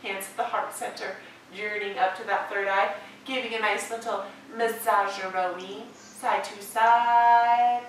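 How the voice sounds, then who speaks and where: A woman yoga instructor giving gentle, encouraging cues with drawn-out phrasing and playful, chatty asides. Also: mid-range voice, fairly even intonation, slight background noise. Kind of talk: guided yoga class talk. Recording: echoey room, distant mic, music behind.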